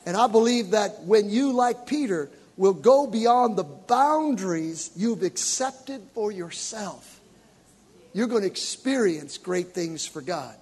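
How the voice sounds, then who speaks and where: A man's voice: high-pitched, expressive, slow pace, darkish tone, husky, big-room sound. A man preaching a sermon, telling stories and acting out the voices of the people in them, building his points with repetition.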